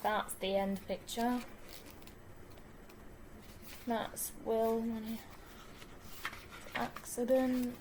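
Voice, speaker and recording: A woman chatting casually about books she has read and reading their back-cover blurbs aloud, with lots of "like" fillers and soft asides. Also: fairly high pitch, steady tone, drawn-out words, pauses often, noisy background. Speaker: book vlogger.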